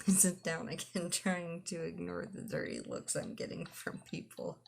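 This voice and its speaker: A woman's voice: on the low side, sing-song, moderate pace, creaky, slight background noise. A woman streamer reading a visual novel aloud, laughing in between and adding dry asides. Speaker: gaming streamer.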